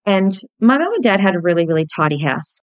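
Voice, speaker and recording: A woman's voice: fairly low pitch, very animated, fast, dry recording, lo-fi sound. An Australian woman in her forties hosting a podcast, telling a personal story candidly and bluntly and swearing freely. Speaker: podcast host.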